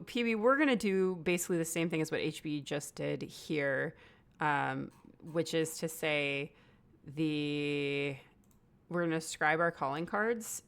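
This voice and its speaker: A woman running a tabletop role-playing game as game master, chatty and relaxed, thinking aloud as she explains the rules. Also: deep voice, gravelly, smooth.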